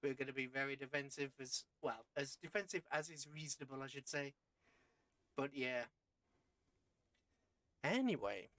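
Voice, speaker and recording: A tired man casually commenting as he plays a submarine game live, rambling and correcting himself with playful jumps in pitch. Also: moderate pace, long pauses, fairly bright tone, no room sound. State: tired after a long rough day. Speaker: streamer playing a submarine game.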